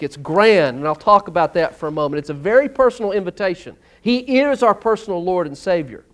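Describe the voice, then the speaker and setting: Emphatic high-voiced male pastor. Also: expressive, moderate pace, few pauses. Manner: emphatic, surges loud on key words. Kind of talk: sermon. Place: church sanctuary.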